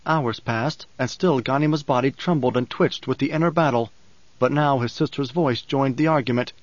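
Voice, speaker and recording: A man narrating an audiobook in a measured, dramatic reading style. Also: mid-range voice, no room sound. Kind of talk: scripted narration. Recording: dull, dry recording.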